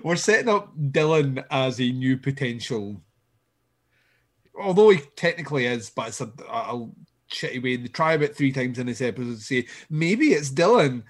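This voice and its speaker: A man's voice: medium pitch, normal speed, a bit bright. Sarcastic, profane man co-hosting. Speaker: podcast co-host. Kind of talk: casual chat recapping a show.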